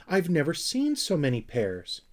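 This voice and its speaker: A man's voice: a little high, wildly swooping pitch, unhurried, voice pushed up. A man voicing a kind, motherly female troll who calls the children in to eat. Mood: delighted.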